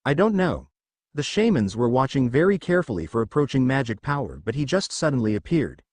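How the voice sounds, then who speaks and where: A man voicing flustered soldiers who report to their commander in a hurried, nervous way. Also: medium pitch, sing-song, darkish tone, no echo.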